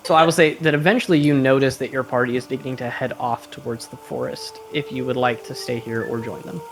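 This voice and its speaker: A man's voice: mid-range voice, fast, background noise. Man narrating as game master. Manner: relaxed narration with fillers.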